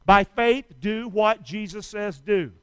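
A preacher with a high, smooth, ringing voice leads his congregation in call-and-response. He swings from hushed, earnest pleading to loud, fervent cries. The sound is dry and close. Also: slow, dry recording, rough recording. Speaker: pastor. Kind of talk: sermon.

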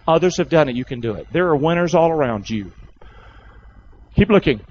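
A man preaching a lively sermon in a large church, coaxing the congregation to answer and join in. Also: fairly high pitch, a little fast, muffled recording, slight background noise. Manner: animated, coaxing calls to the congregation. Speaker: pastor.

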